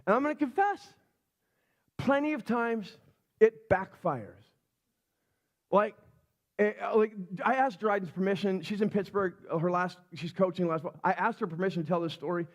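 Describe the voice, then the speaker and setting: A middle-aged man preaching a sermon as a pastor, telling stories in a chatty, animated way and acting out the people in them. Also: high voice, moderate pace. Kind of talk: sermon storytelling. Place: church sanctuary.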